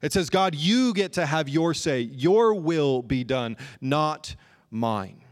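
A man preaching a sermon in an earnest way, slowing down and drawing out key phrases for emphasis. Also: fairly high pitch, expressive. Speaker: pastor.

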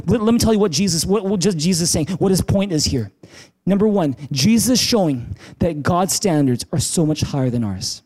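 A male pastor preaching a sermon in a church, animated, often restarting words and asking the congregation questions. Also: sits high, brisk. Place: church in Vancouver.

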